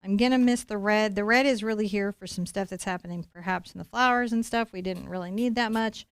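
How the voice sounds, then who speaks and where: A woman's voice: medium pitch, a little fast, clear, resonant tone, dry recording. Encouraging woman teaching painting, dry sound. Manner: encouraging, playful, talks to viewers directly. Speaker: painting instructor. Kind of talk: live-streamed painting lesson.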